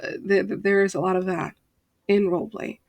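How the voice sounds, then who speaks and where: A woman's voice: medium pitch, little pitch movement, a little fast, gravelly, no echo. A woman ranting casually to her channel, hesitant with many fillers and restarts, tired from being up late and exasperated. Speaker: channel host, Second Life roleplayer. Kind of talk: casual rant to camera.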